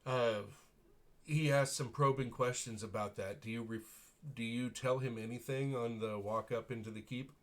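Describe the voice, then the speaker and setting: A man's voice: medium pitch, steady tone, normal speed. A man narrating a tabletop role-playing game as game master in a casual way, chuckling and using many fillers.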